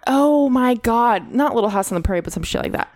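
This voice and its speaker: A young woman co-hosting a casual chat, animated, swearing freely and talking over her guest. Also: fairly high pitch, brisk, no room sound, studio quality.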